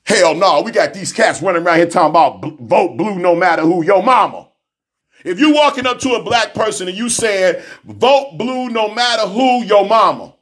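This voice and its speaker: A man ranting on his radio show with a high-pitched voice. He delivers it with preacherly intensity, repeating lines and breaking into shouts. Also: expressive, brisk, slightly rough. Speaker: radio host. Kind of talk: fiery radio monologue.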